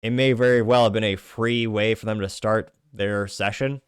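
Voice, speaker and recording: A man's voice: on the low side, steady tone, normal speed, clean tone, dry recording. Dry-voiced man reading comments aloud. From United States. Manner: wry asides between read-outs. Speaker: show host.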